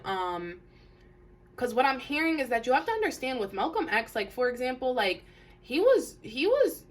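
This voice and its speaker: A woman's voice: medium pitch, a bit bright. A woman doing a casual tarot reading to camera, talking earnestly with many restarts and fillers. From Detroit area.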